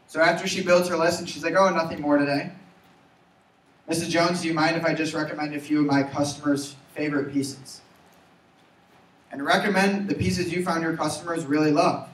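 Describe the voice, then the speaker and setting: A young man giving an energetic motivational sales talk, urging his audience to repeat after him. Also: on the high side. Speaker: sales trainer. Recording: roomy, from far off.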